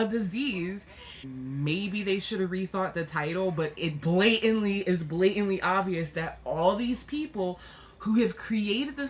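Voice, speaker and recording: A young woman talking casually to camera in a vlog, animated and excitable, often laughing and jumping up high, with a self-deprecating, dark sense of humor. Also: slight background noise. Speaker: vlogger.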